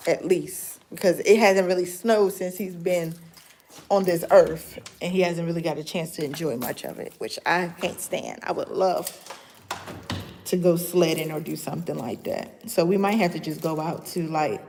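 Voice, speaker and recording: A woman's voice: fairly low pitch, normal speed, darkish tone, slight background noise. A woman, chatting casually with her viewers on a livestream and laughing often. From North Carolina. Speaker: livestream host.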